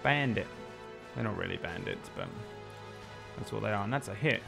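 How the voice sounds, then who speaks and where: A man's voice: fairly low pitch, expressive, moderate pace, gravelly, over music. A man, narrating a tabletop game as game master in a rambling, joking way with many fillers.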